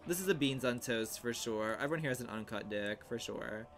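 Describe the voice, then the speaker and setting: A young man livestreaming and commenting casually on a game he is playing, in a sassy, theatrical way that swings into outraged shouts. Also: mid-range voice, brisk, faint music behind.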